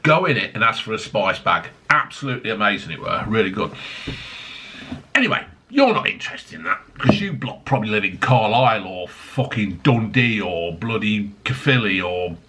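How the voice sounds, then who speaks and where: A man's voice: fairly low pitch, animated, moderate pace, pushed and bright. A middle-aged man, rambling and swearing at his desk while reviewing drinks. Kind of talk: casual review vlog. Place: home desk.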